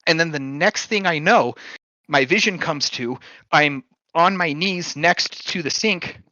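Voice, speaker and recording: A man hosting a podcast, casually telling a story, lively, swearing freely and chuckling as he goes. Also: fairly high pitch, measured pace, no room sound, muffled recording.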